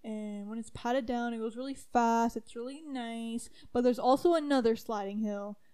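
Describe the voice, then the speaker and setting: A young woman telling a funny story in casual chat, animated and laughing, with lots of "like"s and squealing highs. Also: moderate pace, clean tone. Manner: animated, laughing, squeals when excited, many "like"s. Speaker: storyteller co-host.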